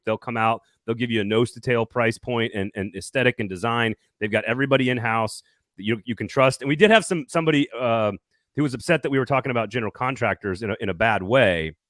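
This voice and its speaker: A man's voice: mid-range voice, a bit bright, no echo, clean studio sound. A man hosting a casual sports talk show, upbeat and jokey, laughing often and doing sponsor reads. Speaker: podcast host.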